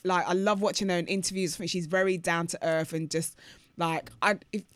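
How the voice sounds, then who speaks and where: A woman's voice: on the low side, fairly even intonation, brisk, no room sound. A woman co-hosting a podcast in casual chat, frank and opinionated. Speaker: podcast co-host.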